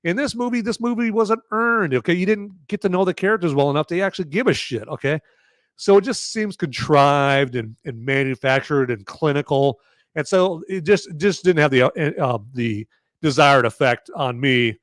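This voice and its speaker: A man hosts a casual live movie review, with a voice a touch higher than most. He rambles sarcastically and keeps checking in with "okay?" and "right?". The sound is dry and close to the mic. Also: normal speed, no room sound. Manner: chatty, sarcastic, lots of fillers and "okay?". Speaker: podcast host reviewing a movie.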